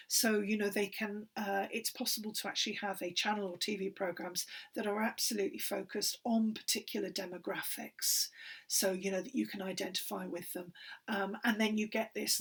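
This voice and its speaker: A woman lecturer giving a recorded university lecture, pausing often with fillers and restarts. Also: mid-range voice, a bit bright, breathy edge. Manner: hesitant, many fillers and restarts.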